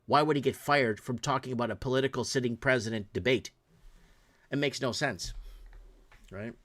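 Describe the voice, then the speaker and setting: At a moderate pace, a man with a medium-pitched, slightly bright voice hosts his own podcast in a casual live stream. Middle-aged, from Portugal and raised around Toronto, he rambles heatedly and tosses out rhetorical questions.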